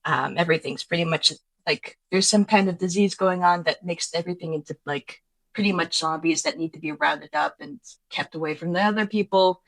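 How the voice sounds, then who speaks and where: A woman co-hosting a casual commentary podcast, recapping facts in a relaxed way with many ums. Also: lowish voice, brisk, dry recording. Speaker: podcast co-host.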